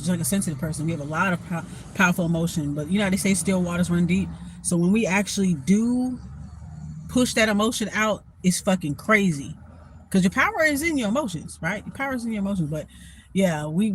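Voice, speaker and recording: A woman telling a story in a casual vlog, blunt and profane, animated and quick to laugh. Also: fairly low pitch, a little hiss or hum. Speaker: storytime vlogger.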